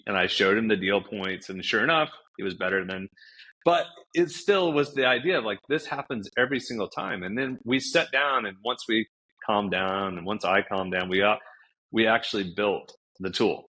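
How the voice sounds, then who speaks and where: A man, guest on a podcast, tells stories with vivid energy, acting out what people said with big leaps in his voice. His voice sits fairly low and sounds forceful and bright. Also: normal speed. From United States. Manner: animated storyteller, acts out quoted dialogue with big pitch jumps. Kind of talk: casual storytelling interview.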